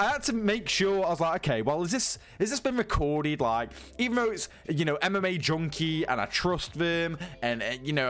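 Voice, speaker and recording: A man's voice: fairly high pitch, fairly bright tone. Exasperated sweary man ranting. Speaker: MMA news YouTuber. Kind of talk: casual rant commentary.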